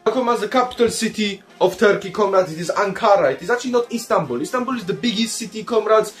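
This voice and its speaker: Young male comedic host, high-pitched, rambling and irreverent, faint music behind. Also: animated, quick pace. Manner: calls the audience "comrades" constantly; rambling, jokey, playfully crude. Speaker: comedic country-review host. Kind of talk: comedic commentary over maps.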